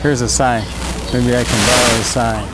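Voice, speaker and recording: A man's voice: medium pitch, level tone, moderate pace, heavy background noise. An older American man giving an impassioned, emphatic speech outdoors on a city street, recorded on a homemade handheld camera. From United States. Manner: impassioned, emphatic, repeats phrases. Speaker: citizen vlogger. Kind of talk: impromptu political speech. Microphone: handheld homemade video camera.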